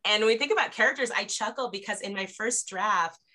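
A woman's voice: medium pitch, a little fast, sharp tone. A woman author talking casually on a podcast about her book, chatty with frequent fillers and laughs. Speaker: author guest.

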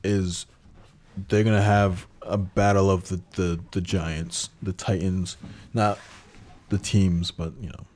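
A man's voice: low voice, flat delivery, slow pace, darkish tone. A man co-hosting a casual sports podcast, laid-back and analytical, thinking his points through aloud.

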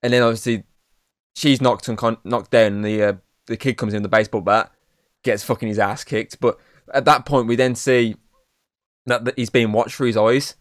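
Speaking at normal speed in a steady, medium-pitched voice, a young man recaps a film on a podcast he co-hosts. He rambles, swears freely and says "obviously" nearly every sentence, recorded in studio quality with no echo.

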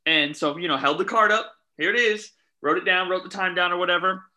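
A man chatting casually, telling animated stories about refereeing youth soccer and quoting the people involved. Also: high voice, fast talker, rough recording. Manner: animated storyteller, quotes himself and others. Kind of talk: casual chat, storytelling.

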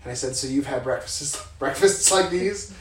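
A man of middle pitch co-hosts a relaxed podcast with his partner, telling stories candidly and swearing freely. His voice sits a little away from the mic in a roomy, echoey space, with faint noise underneath. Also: moderate pace, recorded from a distance. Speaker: podcast co-host. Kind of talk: casual couple chat.

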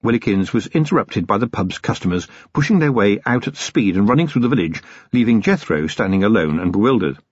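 A man reading a novel aloud as an expressive storyteller. His voice is a touch husky and moves animatedly in pitch. The recording is dry and lo-fi. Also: a little fast, no echo. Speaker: audiobook narrator. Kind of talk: scripted narration. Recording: dull, dry audiobook recording.

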